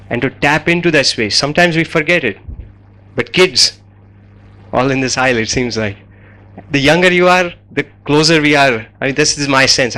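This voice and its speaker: Bright-voiced man giving a storytelling lecture. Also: mid-range voice, poor audio. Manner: conversational, anecdotal, frequent fillers. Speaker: guest lecturer.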